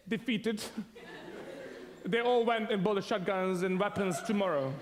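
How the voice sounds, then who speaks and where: High-voiced preacher in a reverberant hall. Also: male voice. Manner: animated storyteller, laughs often, acts out sounds and voices. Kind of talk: sermon with a humorous personal story.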